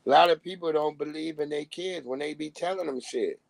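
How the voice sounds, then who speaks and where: A man's voice: fairly high pitch, a little fast, gravelly, dry recording, rough recording. A man on a live stream, ranting bluntly in casual talk and acting out the voices of people he quotes. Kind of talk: casual profane rant.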